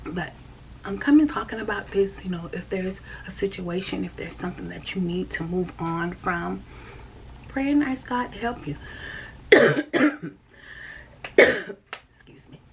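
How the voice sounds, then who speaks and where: A woman, talking earnestly and repetitively about her faith in a casual vlog, often dropping to a soft, breathy near-whisper. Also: mid-range voice, measured pace, pauses often. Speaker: faith vlogger. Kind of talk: casual spiritual talk. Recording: distant mic with faint noise.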